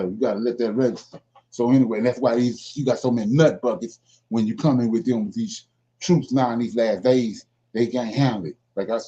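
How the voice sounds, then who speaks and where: A man with a medium-pitched, dark voice leads an informal Bible study, reading verses aloud and then explaining them with emphasis while repeatedly asking "right?" The recording is dull and lo-fi.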